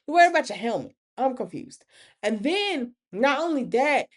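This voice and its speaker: A woman's voice: high voice, moderate pace. A woman, hosting a casual TV recap talk and acting out characters' lines. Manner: animated, acts out characters' lines. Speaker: podcast host.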